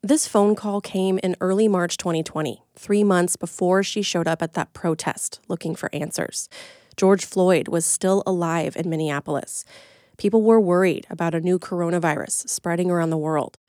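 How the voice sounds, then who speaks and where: Woman reporter doing scripted narration, lowish voice, dry studio sound. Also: steady tone, a little mellow, dry recording. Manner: measured, plain storytelling. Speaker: radio reporter.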